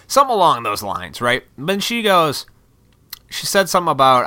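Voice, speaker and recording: A man's voice: a little high, sing-song, moderate pace, pushed and bright. A man venting his opinions in a blunt, profane, rambling vlog rant. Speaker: vlogger.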